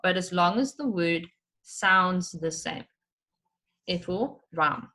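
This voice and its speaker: A woman's voice: lowish voice, animated, slow pace, bright, forceful tone. A woman teacher giving an online lesson for children, explaining step by step and stretching out words to show their syllables.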